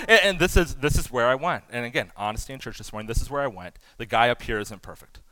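Bright-voiced animated pastor preaching. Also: male voice, mid-range voice, quick pace, no room sound. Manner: animated, self-deprecating humor, loudly acts out quotes. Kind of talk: sermon.

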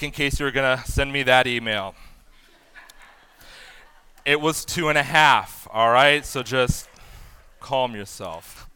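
A man in his thirties preaching a sermon as pastor, animated and self-deprecating, loudly acting out the voices he quotes. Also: mid-range voice, slow pace, pauses often, smooth, no echo.

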